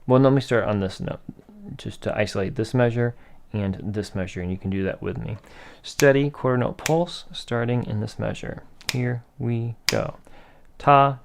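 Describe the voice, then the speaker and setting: A man's voice: mid-range voice, creaky, darkish tone, slight background noise. A man teaching a rhythm lesson in a patient, methodical way, asking questions and then answering them himself. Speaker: music teacher.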